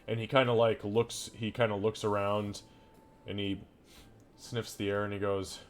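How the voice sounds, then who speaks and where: A man's voice: lowish voice, little pitch movement, normal speed. A man narrating a tabletop game as game master in a loose, rambling way. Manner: casual, rambling narration with fillers.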